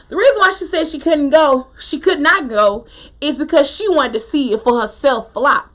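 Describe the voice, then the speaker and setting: A woman casually recapping a TV episode, opinionated and animated, with slangy talk and frequent laughter. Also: high voice, a little fast. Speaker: TV show recap host.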